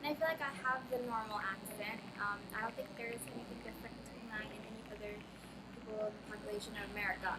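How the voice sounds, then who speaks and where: A woman's voice: mid-range voice, fairly even intonation, fast talker, noisy background. A young woman, a student, chatting casually and self-deprecatingly in a vlog where she shows off accents.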